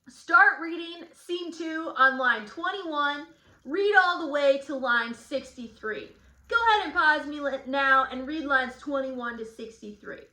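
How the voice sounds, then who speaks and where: A woman's voice: sits high, pushed and bright. A woman teacher giving a recorded literature lesson, explaining the plot and acting out the quoted lines. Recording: echoey room.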